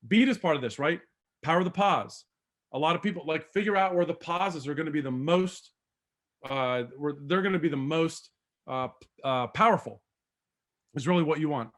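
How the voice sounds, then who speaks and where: A man's voice: fairly high pitch, a bit bright. A man giving a live seminar talk on presenting, speaking conversationally and asking the audience questions, with many fillers. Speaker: speaker coaching doctors on presentations.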